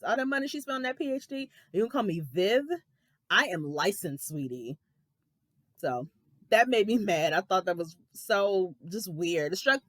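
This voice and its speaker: A woman in her thirties hosting a casual reality TV recap, sassy and animated, with dramatic asides and sharp jumps in pitch for emphasis. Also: no echo. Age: 30s.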